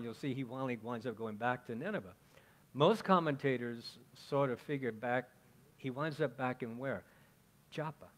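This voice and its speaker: A man's voice: mid-range voice, fairly bright tone. A male pastor delivering a sermon in an easy, conversational way. He keeps checking in with his listeners and asks them questions as he goes. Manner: chatty, asks the congregation questions, frequent "okay?".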